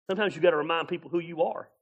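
A man preaches with a high, bright voice. His sermon is folksy and animated, full of laughter, and he acts out little scenes as he goes. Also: lo-fi sound. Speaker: pastor.

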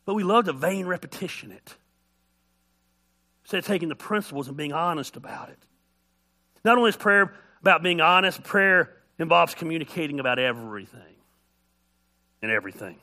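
A middle-aged man delivers a sermon as a pastor, joking and telling stories from his own life. His voice sits high and sounds bright and forward. He keeps the pitch moving in wide, lively swings. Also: a little fast, pauses often. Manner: animated storytelling, acts out voices; folksy, joking.

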